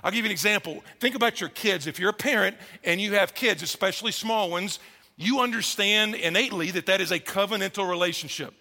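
A middle-aged man preaching a sermon as pastor, animated and acting out quoted voices. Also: high-pitched, a little fast, vocal fry, long reverb tail.

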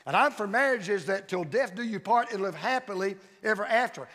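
A male pastor delivers a sermon in a fairly high voice, driving his points home through emphatic repeated phrases. His voice rings out with a long hall reverb around it. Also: lively intonation, a little fast, bright, forceful tone. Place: church sanctuary.

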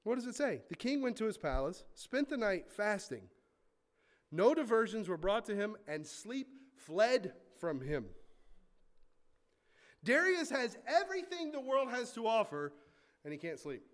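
A man preaching a sermon, reading scripture aloud and breaking into casual asides, swinging from loud emphasis to quiet, hushed remarks. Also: high voice, sing-song, unhurried. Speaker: pastor.

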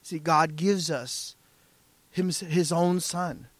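A man's voice: on the high side, fairly even intonation, slow pace, no echo. A man preaching a sermon as pastor, emphatic, often asking the congregation "right?" and "amen?".

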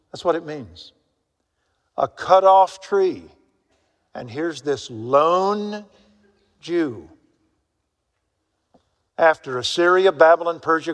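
Folksy preacher in an echoing hall. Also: male voice, a little high. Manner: folksy storytelling, acts out characters, swings from loud to hushed. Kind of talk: sermon. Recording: long reverb of a hall.

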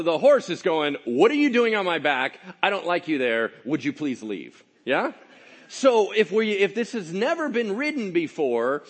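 A male pastor delivers a sermon in a lively, conversational style, frequently checking in with his audience. His voice is high-pitched with a breathy edge.

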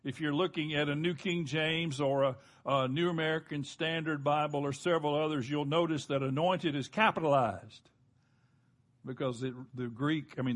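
Earnest preaching man, slightly high voice. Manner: earnest preaching, slows and drops low for emphasis, calls on the congregation. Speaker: pastor. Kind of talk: sermon.

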